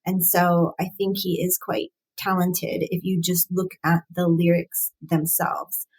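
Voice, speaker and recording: A woman's voice: lowish voice, flat delivery, a little slow, darkish tone, slightly rough, low-quality recording. A woman hosting a casual live-stream, analysing song lyrics while thinking aloud, with frequent fillers, restarts and light laughs at herself.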